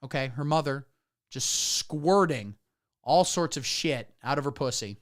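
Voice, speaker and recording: Male comedian streamer, crude absurd rant, lively swinging pitch, reads chat comments aloud. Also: unhurried. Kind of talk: satirical livestream rant.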